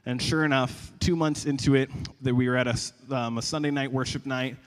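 A man's voice: mid-range voice, a little fast. Conversational man preaching in a big hall. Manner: conversational, animated, stumbles and repeats words. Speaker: pastor. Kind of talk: sermon. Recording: long reverb of a large hall.

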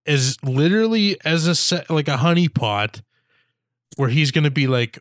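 A man chatting casually about a film, rambling and mock-quoting the characters. His voice is smooth and clear, recorded dry and close. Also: medium pitch, measured pace, dry recording. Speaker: podcast co-host. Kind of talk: casual chat reviewing a movie.

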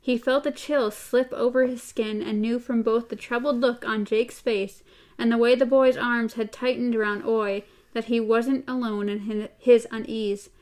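A woman reads a novel aloud, her voice pitched a bit high. She slips easily into animated, chatty asides between passages. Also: moderate pace. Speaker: co-host reading a novel aloud. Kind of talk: book reading with casual chat.

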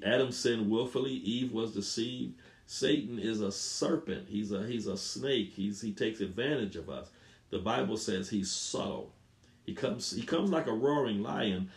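A man's voice: lowish voice, reverberant. A man preaching a sermon, emphatic and repetitive, reading scripture and pressing his points again and again. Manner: emphatic, repeats phrases, rises loud on scripture.

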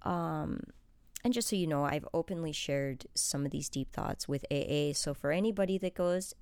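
A woman vlogger speaking earnestly and openly about her recovery, soft-spoken and nervous, at times dropping to a hushed whisper as she reads her journal aloud. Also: sits low, normal speed, clean tone, no room sound. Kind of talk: candid personal monologue, reading her journal aloud.

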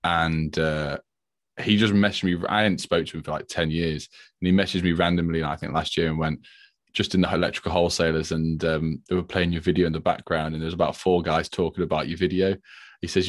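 A man's voice: low-pitched, fairly even intonation, a little fast, no room sound, studio quality. A man, co-host of a podcast, telling rambling stories in casual chat. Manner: chatty, rambling storyteller.

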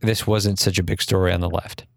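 A man's voice: deep voice, level tone, fairly quick, creaky. A man co-hosting a podcast in a studio, chatting in a laid-back way and calling his partner dude and bro. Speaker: podcast co-host. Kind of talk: casual chat.

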